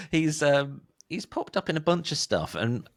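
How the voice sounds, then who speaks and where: A man's voice: on the high side, fairly bright tone, slightly rough. A man co-hosting a music podcast in casual chat, rambling, restarting and laughing often. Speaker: podcast co-host.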